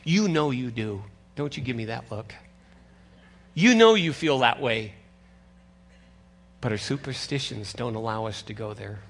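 An older man preaching a sermon as pastor, conversational and animated, teasing his congregation. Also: mid-range voice, unhurried, long pauses, husky.

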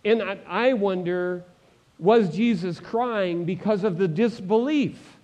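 Pastor guy with a high voice preaching, gets loud then goes quiet, asks the room questions. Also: slow, lo-fi sound. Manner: dramatic swings between loud and hushed delivery; asks the congregation direct questions. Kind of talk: sermon.

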